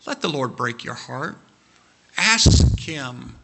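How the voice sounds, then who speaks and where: A man's voice: medium pitch, sing-song, takes it slowly, creaky, sharp tone, breathy edge. A man preaching a sermon, fervent and repetitive, calling out to his congregation. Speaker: pastor.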